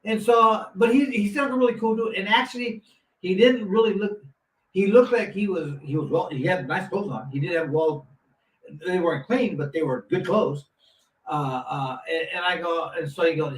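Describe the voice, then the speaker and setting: A man's voice: high voice, normal speed. Man rambling through a story, roomy sound. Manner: rambling, animated anecdote with many restarts. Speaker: guest, former boxer. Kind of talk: casual storytelling. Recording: roomy, distant mic, faint noise.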